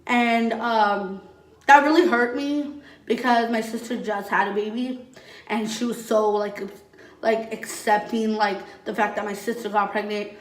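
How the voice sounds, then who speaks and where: A woman's voice: fairly high pitch, steady tone, a little slow. A young adult woman vlogger telling her own story in casual, candid talk, swearing often and saying "like" a lot. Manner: candid and blunt, heavy use of "like" and swearing. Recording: echoey room, voice from a distance.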